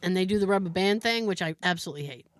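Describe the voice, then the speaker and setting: A woman's voice: on the low side, very fast, no room sound. A woman co-hosting a podcast, telling a story in casual chat and acting out the people in it. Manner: animated, acts out the people in her story. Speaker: podcast co-host.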